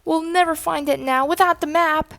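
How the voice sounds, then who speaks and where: Lady reading as a high squeaky show-off mouse dude, storybook, dead dry sound. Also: steady tone, moderate pace, vocal fry, a bit bright, no room sound. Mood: sobbing. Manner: dramatic, squeaky exclamations. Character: excitable boastful young male mouse cousin.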